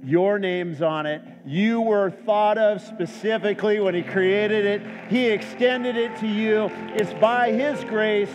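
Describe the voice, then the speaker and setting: A man's voice: high voice, fairly even intonation, takes it slowly, few pauses, lo-fi sound, music in the background. A male pastor preaching a sermon, telling a humorous story before turning earnest. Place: church. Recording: echoey church hall.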